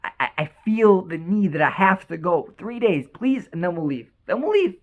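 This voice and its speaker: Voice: medium pitch, big pitch swings, normal speed, narrow, tinny audio, close to an everyday voice. A storyteller voicing a young man who pleads emotionally in a told story. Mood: pleading. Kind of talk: storytelling, quoted dialogue.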